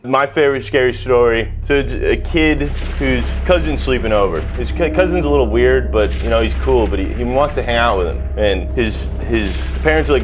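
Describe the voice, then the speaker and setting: A man's voice: mid-range voice, expressive, fairly quick, music in the background. A young man hosting a comedic cooking video, joking crudely and swearing as he cooks and tells stories. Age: young adult. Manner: crude, profane, self-mocking jokes. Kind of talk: casual comedic cooking vlog.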